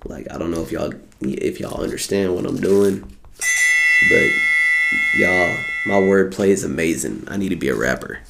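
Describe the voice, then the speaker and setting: A man's voice: sits low, moderate pace, vocal fry, noisy background. A young American man hosting his podcast in a rambling, casual monologue, laid-back, joking and full of profanity. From United States. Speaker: podcast host.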